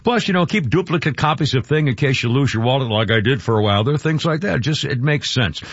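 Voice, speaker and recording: A man's voice: mid-range voice, expressive, quick pace, breathy edge, no room sound. An older man hosting talk radio, rambling through commentary and a live ad read with many fillers and restarts. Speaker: radio talk show host. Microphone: studio microphone. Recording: dull studio radio sound.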